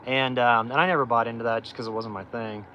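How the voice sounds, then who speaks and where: A man's voice: medium pitch, steady tone, fast talker, highs cut off, slight background noise. A middle-aged man hosting a livestream, telling his life story in a candid, rambling way with lots of fillers and restarts. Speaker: off-grid channel host.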